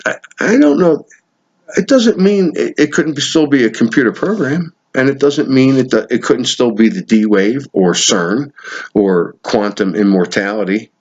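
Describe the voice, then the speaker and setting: A man tells a story in a lower voice, animated and blunt, swearing as he acts out the people in it. The sound is dull and lo-fi. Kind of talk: casual storytelling monologue.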